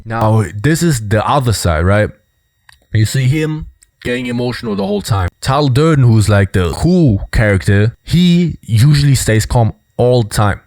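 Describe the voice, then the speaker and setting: A man's voice: mid-range voice, big pitch swings, normal speed, creaky, darkish tone, no room sound. A young man giving casual, explanatory commentary on body language, peppering his points with "you know" and "right?".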